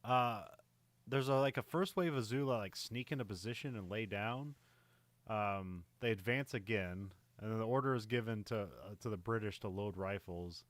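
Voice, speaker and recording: A man with a fairly low voice talks through the scenes of an old war film, padding his sentences with fillers and little laughs. His voice sounds dry and close to the mic. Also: normal speed, no room sound. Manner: rambling, many fillers and laughs. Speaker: podcast co-host. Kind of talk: casual movie recap chat.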